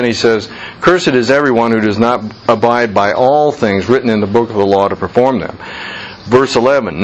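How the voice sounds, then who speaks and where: A man teaching a Bible class, repeating key phrases slowly for emphasis and joking with his students. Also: mid-range voice, slight background noise.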